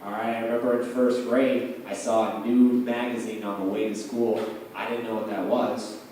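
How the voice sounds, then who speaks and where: A man's voice: lowish voice, level tone, normal speed, darkish tone, slight background noise. A man doing open mic stand-up, telling wry stories and acting out the people he quotes. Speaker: stand-up comedian. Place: bar stage. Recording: echoey bar room, mic far off.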